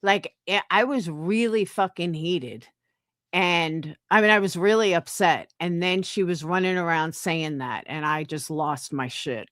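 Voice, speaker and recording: A woman's voice: lowish voice, a little slow, a bit bright, dry recording, clean studio sound. A woman hosting a livestream in heated casual chat, defensive and profane. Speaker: livestream host.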